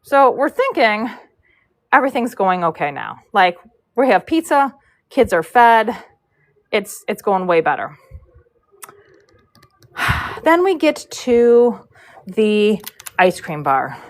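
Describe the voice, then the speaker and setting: A woman's voice: medium pitch, big pitch swings, takes it slowly, pauses often. A woman live-streaming as she braids hair, telling a rambling story in a chatty way, full of fillers and asides about her work. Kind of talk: casual storytelling while working.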